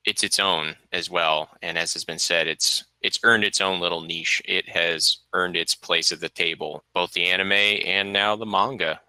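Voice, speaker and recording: Deep-voiced man, smooth and bright. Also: no room sound, low-quality recording. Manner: measured, encouraging, with "uh" fillers. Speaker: podcast panelist. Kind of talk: casual podcast discussion.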